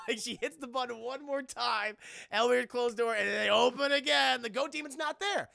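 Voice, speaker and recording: Young male streamer, gravelly and bright, rambling profane recap, dry mic. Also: extremely high pitch, a little fast, dry recording. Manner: rambling, hesitant, swears often. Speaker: streamer reviewing a film with live chat. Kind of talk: casual profane movie recap.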